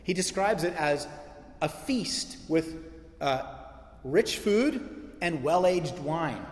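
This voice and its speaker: A man preaching with emphatic, building intensity, his voice sitting a little high for a man. The sound carries the long, roomy echo of a large hall. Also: lively intonation, slow pace. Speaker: pastor. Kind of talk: sermon.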